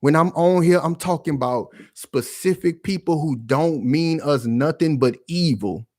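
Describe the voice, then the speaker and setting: Male vlog host, heated and confrontational, talks loud, dry close recording. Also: fairly high pitch, a little slow, dry recording. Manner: rhetorical questions, slangy. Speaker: commentary channel host. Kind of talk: heated commentary.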